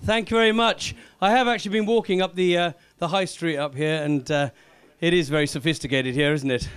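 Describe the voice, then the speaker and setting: A man's voice: fairly high pitch, brisk, clear, resonant tone. A Welsh man doing a live stand-up comedy set, cheekily teasing and chatting with the audience. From Wales.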